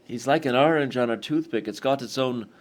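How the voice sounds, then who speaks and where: A man's voice: medium pitch, brisk, natural voice. A man putting on a bad Scottish accent to quote a mocking film father. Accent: Scottish, put on badly. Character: gruff Scottish father mocking a big head.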